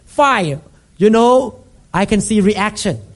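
High-voiced man preaching. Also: expressive, measured pace. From Thailand. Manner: emphatic, repetitive, acts out scenes with sudden shouts. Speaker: pastor. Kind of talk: sermon.

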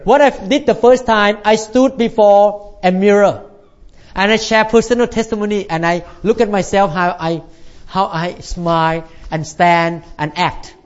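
A man's voice: sits high, steady tone, unhurried, muffled recording. A male pastor delivering a sermon in slightly non-native English phrasing, emphatic and punctuating his points with "Amen".

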